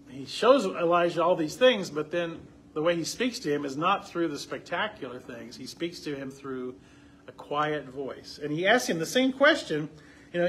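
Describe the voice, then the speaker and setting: A man's voice: on the high side, fairly bright tone. A man leading a Bible study, asking the group questions and reading passages aloud with rising emphasis. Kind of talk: conversational Bible teaching.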